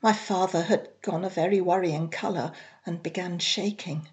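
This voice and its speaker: A woman reading a story aloud in a measured, plain storytelling manner. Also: fairly low pitch, fairly even intonation. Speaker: reader. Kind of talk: audiobook narration.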